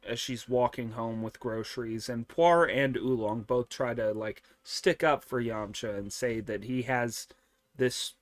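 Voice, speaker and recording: A man's voice: medium pitch, no echo. A man hosting an anime review show, recapping an episode in a casual, rambling way with many fillers and offhand swearing.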